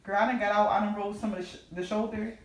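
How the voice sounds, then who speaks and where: Speaking quickly in a mid-range voice with fairly even intonation, a sister casually recounts a painful personal loss. She replays her pleas and what the people around her said, captured by a distant mic in a room full of echo.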